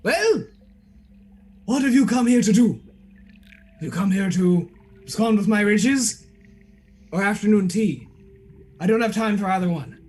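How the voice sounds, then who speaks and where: A man's voice: high voice, animated, a little slow, long pauses, darkish tone, a little hiss or hum. A man voicing a portly, bald, eccentric male alchemist who speaks in a grandiloquent, theatrical way. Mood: indignant. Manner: grandiloquent, theatrical, swooping outbursts.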